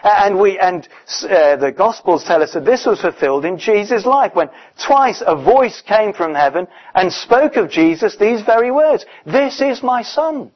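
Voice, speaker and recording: A man preaching a sermon in a conversational, emphatic way, often pausing with fillers. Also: sits high, animated. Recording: dull, muffled recording.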